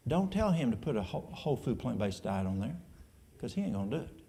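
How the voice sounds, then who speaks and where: Folksy Appalachian man with gravelly voice. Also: mid-range voice, big pitch swings, fast talker, dark tone. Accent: East Tennessee Appalachian. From East Tennessee. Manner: folksy, plain-spoken, drawling with colloquial speech. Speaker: church elder. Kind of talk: answering audience questions in church.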